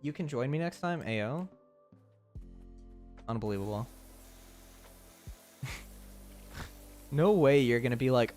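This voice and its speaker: A man's voice: medium pitch, unhurried, pauses often, darkish tone, faint music behind. A young man live-streaming who chats loosely and jokingly with his viewers, rambling and often laughing. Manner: rambling, joking, answers chat with frequent laughs. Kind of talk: casual live-stream chat.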